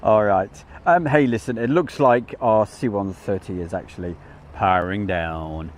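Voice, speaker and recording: A man with an English Midlands accent hosts a live stream, giving casual commentary in a rambling, self-deprecating way. His voice is fairly low and a little slow.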